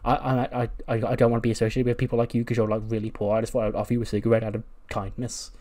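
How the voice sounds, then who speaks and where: A man's voice: medium pitch, flat delivery, rapid-fire, mellow, natural voice. A man voicing a rude young man on a smoke break who rambles condescendingly. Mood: snide.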